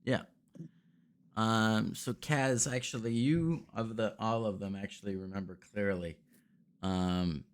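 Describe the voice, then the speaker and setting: A man narrating as game master, relaxed and rambling with frequent fillers. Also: deep voice, smooth.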